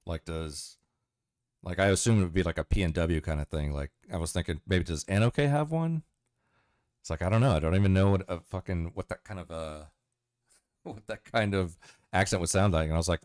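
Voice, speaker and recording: A man's voice: sits low, brisk, a little mellow, no echo, clean studio sound. A man hosting a livestream, chatting casually with viewers in a rambling, profane way.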